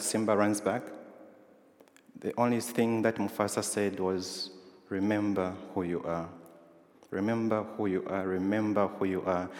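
A man preaching a sermon in a conversational way, asking his listeners questions. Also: lowish voice. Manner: conversational, asks the congregation questions. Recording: roomy hall with long reverb.

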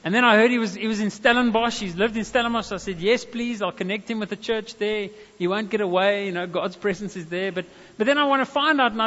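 South African preacher in a reverberant hall. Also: male voice, high voice, bright, forceful tone. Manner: storytelling preacher, casual asides and "amen" calls. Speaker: pastor. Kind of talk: sermon. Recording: dull reverberant hall sound.

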